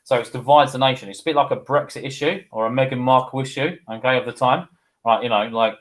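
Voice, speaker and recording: Male teacher, mid pitch, casual lecture voice that keeps asking "okay?". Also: fairly even intonation, fast, poor audio. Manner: chatty, digressive, addresses viewer with "okay?". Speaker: history teacher. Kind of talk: informal history lesson.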